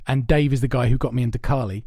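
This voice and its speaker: A man's voice: mid-range voice, fast talker, no room sound. Rambling, sweary man telling stories. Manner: rambling, animated storytelling, swears a lot. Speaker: podcast co-host. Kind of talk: casual podcast chat. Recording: dry, soundproofed home room.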